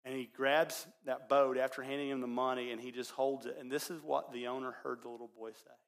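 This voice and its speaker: A man preaching as a pastor, telling a story in his sermon and swinging between loud, excited passages and hushed ones. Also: mid-range voice, fairly quick.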